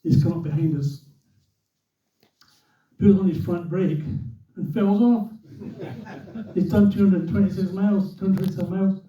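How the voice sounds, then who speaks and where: An older man spins an animated story for a club audience, acting out every voice he quotes. His voice sits fairly high for a man and comes from some way off the mic. It rings around an echoey hall on a dull, lo-fi recording. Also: normal speed, pauses often, distant mic. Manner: animated, acts out quotes and a commentator's voice. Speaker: former racer telling a story to a club audience. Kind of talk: anecdotal storytelling. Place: club room.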